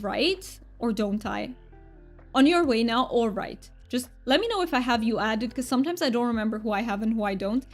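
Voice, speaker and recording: Chatty woman streamer, slightly high voice. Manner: chatty, answers chat viewers. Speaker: game streamer. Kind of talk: casual livestream chat.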